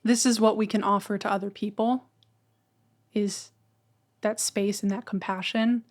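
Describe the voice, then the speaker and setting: A woman's voice: mid-range voice, steady tone, unhurried. A woman in a casual podcast conversation, talking candidly and emotionally, with casual swearing.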